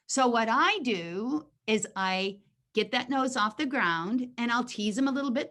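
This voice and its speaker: A woman dog trainer teaches a Q&A session over a video call. She is animated and keeps acting out short exchanges between dog and owner. She often restarts her sentences as she goes. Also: a little high, a little slow. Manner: animated, acts out dialogue, frequent restarts.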